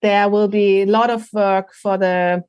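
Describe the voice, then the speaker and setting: A German-accented woman speaking English as a second language, slow and unhurried, with an even, level delivery that barely rises or falls. She talks earnestly and haltingly, pausing to search for words. The sound is dry and close. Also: mid-range voice, smooth, no room sound. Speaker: guest, animal rescue project head. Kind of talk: casual interview over a call.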